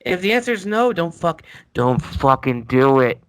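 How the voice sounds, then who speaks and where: A man's voice: on the high side, sing-song, moderate pace, smooth. A man co-hosting a casual podcast, ranting and swearing as he tells a story. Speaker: podcast co-host.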